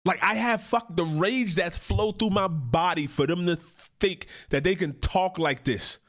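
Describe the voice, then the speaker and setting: A man's voice: high voice, measured pace, fairly bright tone. A man hosting a reaction commentary, talking in a profane, emphatic and indignant way. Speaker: host, commentator.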